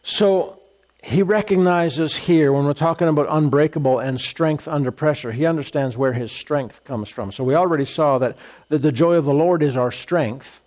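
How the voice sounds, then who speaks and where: Preaching man, higher voice. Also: moderate pace, darkish tone. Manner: emphatic, repeats phrases, reads scripture aloud. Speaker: pastor. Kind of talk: sermon.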